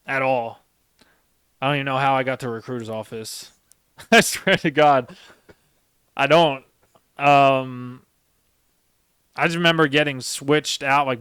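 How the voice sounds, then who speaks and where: A man's voice: medium pitch, fairly bright tone, clear, resonant tone, dry recording, studio quality. A young man and former Marine sergeant who hosts a podcast. He tells stories in a rambling, emphatic way and swears heavily. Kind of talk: casual storytelling chat.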